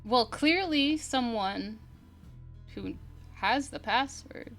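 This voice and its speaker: Woman doing her curious adventurer, slow and wry, bouncy pitch. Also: animated, fairly bright tone, faint music behind, full character voice. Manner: exasperated, wry asides.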